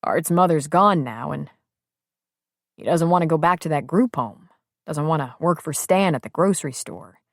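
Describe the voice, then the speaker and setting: A woman's voice: sits low, moderate pace, no room sound, studio quality. A woman voicing an earnest, protective man who speaks carefully and directly.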